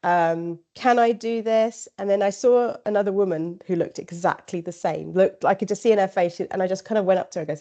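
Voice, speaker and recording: A woman guesting on a podcast chats casually in a warm mid-range voice, a little fast and with hardly any pauses. It's a casual interview chat where she rambles with lots of fillers and quoted asides, on slightly dull lo-fi audio.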